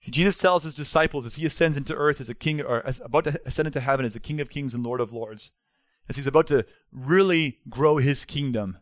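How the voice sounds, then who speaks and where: A man's voice: medium pitch, fast, dry recording. A man, preaching a sermon as pastor in an earnest, emphatic way.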